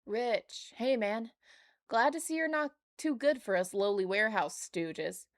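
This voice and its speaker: A woman's voice: on the high side, a little slow, no room sound, clean studio sound. A woman reading as a breezy warehouse guy. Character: friendly male warehouse worker.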